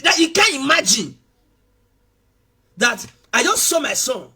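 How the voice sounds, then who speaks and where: A man preaching in a strikingly high, sharp and bright voice. His pitch swings widely as he repeats key phrases and rises into impassioned shouts. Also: very animated, measured pace. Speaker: pastor. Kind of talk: sermon.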